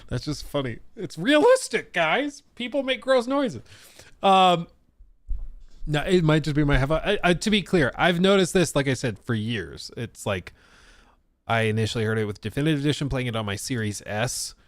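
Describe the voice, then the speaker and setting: A man's voice: medium pitch, brisk, no echo. A man chatting casually on a live stream, reacting to gaming news, rambling, laughing and reading chat comments aloud.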